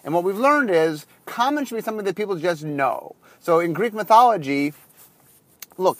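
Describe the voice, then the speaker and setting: A man's voice: a little high, no room sound. A man hosting a casual solo podcast while driving in his car, rambling with lots of fillers and restarts. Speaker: podcast host.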